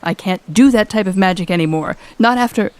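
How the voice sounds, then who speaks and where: A woman's voice: medium pitch, a little fast, a little mellow, clear, resonant tone, close to an everyday voice. A woman voicing a cold, sardonic female demon lord who talks in a curt, cutting, sarcastic way in an audio role-play. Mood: grudging.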